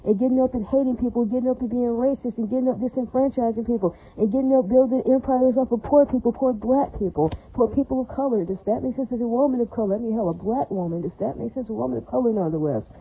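A woman's voice: on the high side, quick pace, hardly any pauses, breathy edge, lo-fi sound. A woman addressing her viewers in a long, angry, rambling rant, repeating herself and often asking if it makes sense. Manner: ranting, repetitive, keeps asking "does that make sense". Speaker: vlogger.

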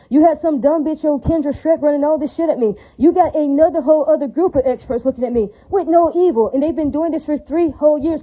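Woman, rambling heated rant, very fast talker, profane, repetitive, keeps asking "right?". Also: high-pitched, mellow, muffled recording. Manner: rapid, heated, profane, with constant "right?" and "all right, now" tags; asks the listener questions and repeats itself.

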